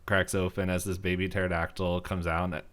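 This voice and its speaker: Brief: podcast host, low male voice, loose rambling recap. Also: little pitch movement, fairly quick, fairly bright tone. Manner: rambling with many fillers and laughs. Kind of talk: casual episode recap.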